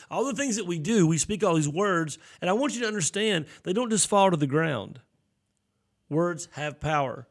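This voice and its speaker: Speaking briskly, with lively intonation and a voice that sits high, a middle-aged man who is a pastor delivers a sermon streamed live. He addresses his online audience conversationally, frequently repeating phrases and starting them over.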